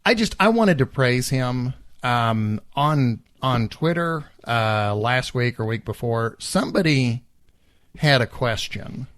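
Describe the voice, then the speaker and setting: A man co-hosting a podcast, talking in a measured, reflective way with many fillers. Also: mid-range voice, expressive, fairly bright tone, dry recording. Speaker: podcast co-host. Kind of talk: casual chat.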